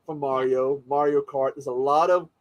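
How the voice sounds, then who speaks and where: A man's voice: mid-range voice, steady tone, normal speed, rough recording. A man hosting a casual watch-party chat, rambling enthusiastically with many restarts.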